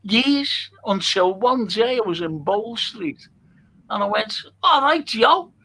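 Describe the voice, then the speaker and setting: A man's voice: high-pitched, slow, vocal fry, a bit bright. An older man with a Liverpool accent, hosting a casual chat, reading out viewer comments and telling stories with frequent laughter. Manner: storytelling, laughing often. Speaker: host.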